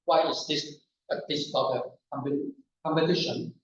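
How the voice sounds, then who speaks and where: A man presenting an academic paper at a conference panel, in a halting, deliberate way. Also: a little high, steady tone, slight background noise. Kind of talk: academic lecture. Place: conference room. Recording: distant, echoey, dull conference room recording.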